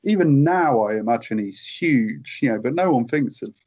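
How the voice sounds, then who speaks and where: A man's voice: medium pitch, animated, normal speed, darkish tone, slightly rough. A British man in his late thirties, a guest telling a long casual story with many fillers and chuckles. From United Kingdom. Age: late 30s. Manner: rambling storyteller, lots of fillers and laughs. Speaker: guest, merchandise writer. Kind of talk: casual anecdote in interview. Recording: dull lo-fi call audio.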